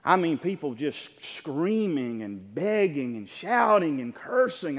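A man's voice: on the high side, very animated, slow pace, few pauses. An older man, a pastor, preaching a sermon to his congregation in an earnest storytelling way, often restarting his words. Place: church sanctuary. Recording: long hall reverb.

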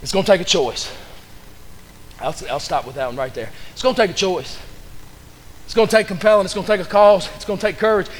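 A man's voice: sits high, fast, long pauses, long reverb tail, slight background noise. A man preaching a fervent sermon as pastor, pressing the congregation with repeated questions. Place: church sanctuary.

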